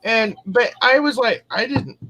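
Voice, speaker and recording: A woman's voice: fairly high pitch, a little slow, a bit bright, low-quality recording. A woman rambling through a story in casual chat, laughing often as she goes, with a drink in hand.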